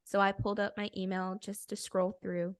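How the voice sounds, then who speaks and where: A woman's voice: medium pitch, level tone, normal speed, dry recording, studio quality. A young woman co-hosting a podcast, telling a story in casual chat, bubbly and laughing often. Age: young adult. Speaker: podcast co-host.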